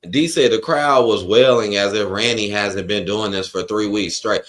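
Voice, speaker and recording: A man's voice: on the low side, normal speed, fairly bright tone. A man, ranting with frustration and profanity while reacting live on a watch-along stream and reading chat aloud.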